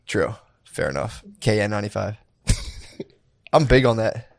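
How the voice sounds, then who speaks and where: A man's voice: fairly low pitch, animated, moderate pace, gravelly, no room sound, studio quality. A man co-hosting a casual comedy podcast, laid-back and laughing often, saying "dude" a lot. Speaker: podcast co-host.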